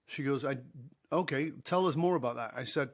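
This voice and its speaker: A man's voice: mid-range voice, a little fast. A middle-aged man, a podcast guest, telling a story in an interview, acting out the dialogue and laughing easily.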